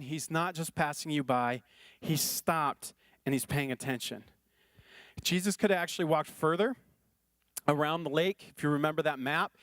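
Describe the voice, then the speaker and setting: A man's voice: on the high side, fairly bright tone, no echo, studio quality. A male pastor preaching a sermon in an earnest, conversational way, often repeating phrases for emphasis.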